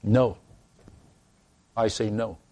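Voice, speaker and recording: A man's voice: lowish voice, level tone, drawn-out words, a little mellow. A man preaching a sermon to a congregation, emphatic, often restarting his words and asking them rhetorical questions. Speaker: pastor.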